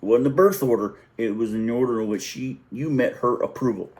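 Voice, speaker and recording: A man's voice: mid-range voice, brisk, a little mellow. A middle-aged man telling a family story in a casual, rambling way, often correcting himself and chuckling as he goes. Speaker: vlogger.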